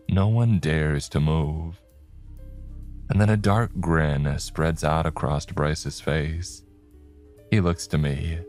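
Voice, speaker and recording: A man narrating a scripted horror story in a slow, measured way. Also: very deep voice, a little mellow. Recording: faint background music.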